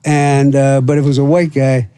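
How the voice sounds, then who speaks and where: Old florida guy rambling through army stories, cussing a lot, warm low tone, dead dry room. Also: little pitch movement, normal speed, clean tone, no echo. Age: 70s. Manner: rambling, profane, full of fillers and acted quotes. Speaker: podcast guest. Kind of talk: casual storytelling.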